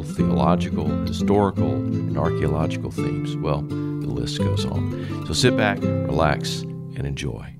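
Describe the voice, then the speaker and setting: A man hosting a podcast interview in a library, chatty and quick to affirm his guest. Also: deep voice. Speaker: podcast host. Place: library recording room.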